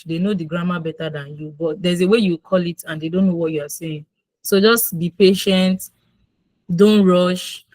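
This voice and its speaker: A woman from Nigeria with a Nigerian English accent, giving casual mentoring advice in quick, animated speech and acting out quoted exchanges. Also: lowish voice, dry recording, poor audio. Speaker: guest mentor.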